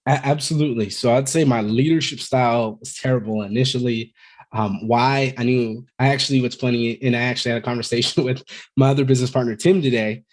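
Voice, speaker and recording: A man's voice: medium pitch, steady tone, quick pace. A man in his thirties, a podcast guest who talks candidly and at length, rambling a bit and swearing freely. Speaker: podcast guest, Marine veteran. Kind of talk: casual conversational storytelling.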